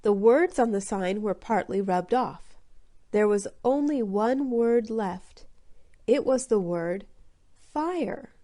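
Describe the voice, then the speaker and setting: A woman reading a children's story aloud clearly and deliberately for English learners. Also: mid-range voice, warm tone. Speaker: audiobook narrator.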